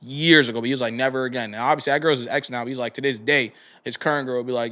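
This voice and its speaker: A man's voice: medium pitch, steady tone, rapid-fire, fairly bright tone. A man co-hosting a casual podcast chat, laid-back and slangy, telling stories from friends. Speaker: podcast co-host.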